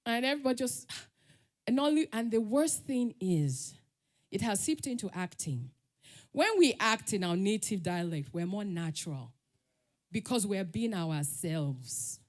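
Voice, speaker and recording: Lively Nigerian woman telling stories on stage. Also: medium pitch, unhurried. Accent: Nigerian English. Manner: lively, laughs often, acts out quotes. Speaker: conference speaker. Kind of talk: animated storytelling talk.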